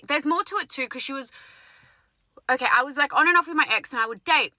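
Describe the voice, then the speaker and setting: A woman's voice: high voice, lively intonation, fast, sharp tone, dry recording, low-quality recording. A young woman, a lash technician telling a blunt, sweary storytime rant.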